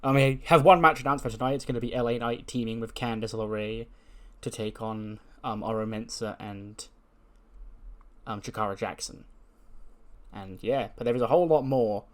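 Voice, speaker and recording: Brief: male host, casual filler-heavy game narration, mid-pitched voice. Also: fairly even intonation, normal speed. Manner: casual, filler-heavy, imagines scenes aloud. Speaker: host of a wrestling sim playthrough.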